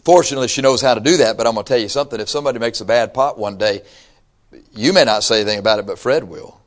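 A man preaching a sermon as pastor, folksy and animated, with humorous asides and earnest emphasis. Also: mid-range voice, rapid-fire. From Michigan.

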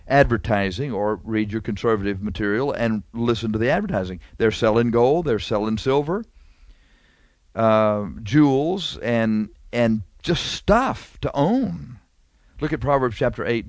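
A man's voice: medium pitch, expressive, moderate pace, no room sound. A man preaching a sermon in a conversational, emphatic way, repeating phrases and drawing out key words.

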